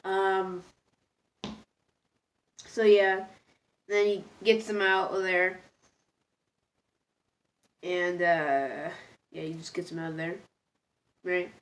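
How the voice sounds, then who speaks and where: A woman's voice: on the low side, level tone, slow, long pauses. A woman casually reviewing cartoon episodes, rambling and hesitant, full of fillers, and laughing at herself as she gets easily moved.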